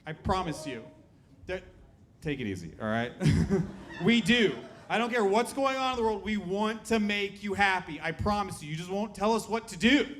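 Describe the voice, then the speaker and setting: A man's voice: high voice, expressive, moderate pace, a bit bright, slight background noise. A man in his thirties doing a crude, brash stand-up comedy set on a club stage, talking straight to the crowd. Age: 30s.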